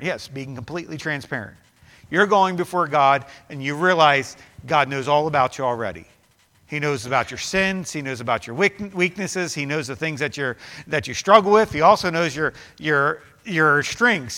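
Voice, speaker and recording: Male pastor, high and bright, emphatic sermon delivery, long reverb of a church hall. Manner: rising to fervent, emphatic preaching with repeated phrases.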